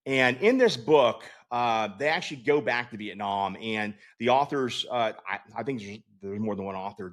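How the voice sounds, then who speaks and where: A man's voice: fairly low pitch, a bit bright. A middle-aged man, a Navy veteran hosting his own show, tells a story in a casual, rambling way, with lots of fillers, restarts and swearing.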